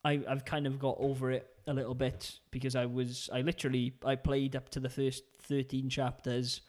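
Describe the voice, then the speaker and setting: A man's voice: mid-range voice, level tone, normal speed, darkish tone. A man with a Welsh accent, co-hosting a casual gaming podcast, rambling through stories. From Wales. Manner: rambling, chatty storytelling. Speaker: podcast co-host. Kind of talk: casual chat.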